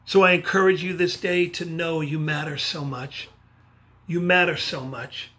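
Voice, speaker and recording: Animated New man giving a pep talk. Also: fairly high pitch, measured pace. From New York. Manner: animated, gestures while talking. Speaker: motivational speaker. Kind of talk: motivational speech by video. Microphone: video camera.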